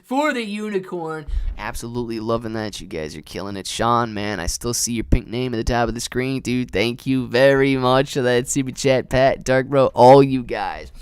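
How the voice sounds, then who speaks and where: There's a clean tone to this young man's medium-pitched voice as he runs a live trading stream at a moderate pace with few pauses. Slightly out of breath, he eagerly thanks viewers by name in between stretches of market commentary.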